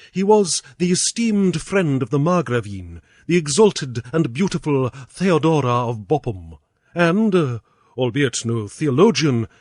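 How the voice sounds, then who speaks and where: A British man narrating an old tale in a measured, expressive reading. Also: mid-range voice, no room sound, studio quality. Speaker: audiobook reader. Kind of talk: storybook narration.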